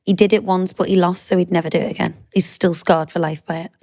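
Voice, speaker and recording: A woman with a Scouse accent hosting a casual interview, jumping in with quick questions. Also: fairly low pitch, fairly even intonation, darkish tone. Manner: chatty, jumps in with quick questions. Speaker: host.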